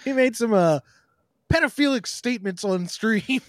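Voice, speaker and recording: A man's voice: high-pitched, expressive, normal speed, dry recording, clean studio sound. A man co-hosting a podcast, telling stories in crude casual chat with frequent laughs. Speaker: podcast co-host.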